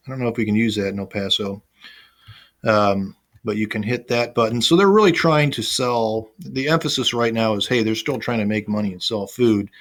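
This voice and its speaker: A man teaching a class over a screen recording at a mid pitch. He talks in a relaxed, conversational way, pausing with "uh" and "um" and restarting his sentences as he clicks through slides at his desk. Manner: casual and conversational, with frequent fillers and restarts. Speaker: instructor. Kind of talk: recorded online lecture with screen share.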